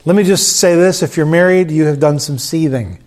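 A man's voice: on the high side, a little fast, a little mellow. A man preaching a sermon in church, conversational and joking with the congregation. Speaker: pastor.

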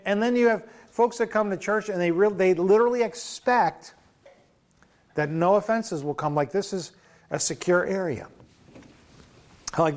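A man preaching a sermon as pastor, in a conversational way, often chuckling and restarting his sentences. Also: on the high side.

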